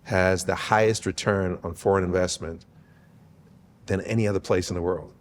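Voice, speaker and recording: A man's voice: low voice, steady tone, normal speed. A man speaking as a podcast guest, earnest and emphatic, often checking in with "right?". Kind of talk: conversational interview.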